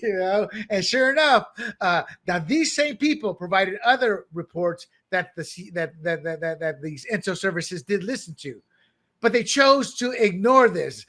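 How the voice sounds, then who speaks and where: High, bright-voiced male political co-host. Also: moderate pace. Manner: animated, joking, repeats words when restarting. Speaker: podcast co-host. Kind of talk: political commentary chat.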